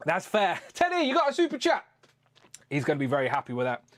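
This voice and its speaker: A man's voice: high-pitched, huge pitch swings, fast, a bit bright. A man hosting a toy-collecting live stream in a casual, rambling, chatty way, swearing freely.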